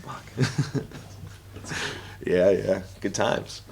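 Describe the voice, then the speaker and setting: Laid-back low-voiced man at media day. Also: brisk, very noisy. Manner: casual, rambling, laughs often, frequent restarts. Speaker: professional fighter and analyst. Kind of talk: media interview answers.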